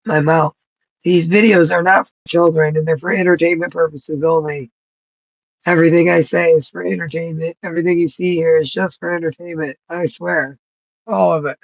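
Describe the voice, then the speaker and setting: A man's voice: a little high, gravelly, dry recording, muffled recording. A man in his thirties vlogging outdoors on a cold, rainy night, rambling and swearing freely as he thinks aloud. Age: 30s. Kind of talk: rambling casual vlog talk.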